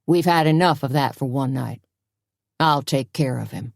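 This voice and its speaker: A woman's voice: very deep voice, moderate pace, creaky, no echo, clean studio sound. A woman voicing a stern male small-town sheriff who gives commands in an audiobook. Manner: commanding, cautioning. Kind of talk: audiobook character voice.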